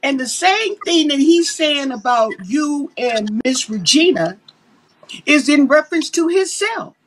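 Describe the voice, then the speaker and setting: A woman's voice: sits high, lively intonation, a little slow, rough recording. A woman, talking animatedly and emphatically on a casual livestream. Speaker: livestream co-host.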